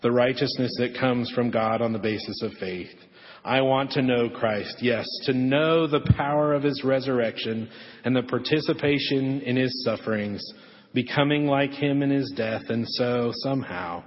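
A man preaching a sermon in a church sanctuary, telling a story gently and dropping to a soft hush on the key lines. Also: mid-range voice, normal speed. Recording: echoey hall, dull lo-fi audio.

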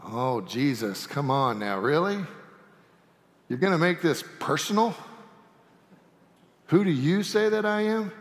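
Folksy pastor in a reverberant sanctuary. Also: male voice, on the high side, measured pace, pauses often. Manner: folksy and animated, with humorous asides. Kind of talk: sermon. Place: church sanctuary.

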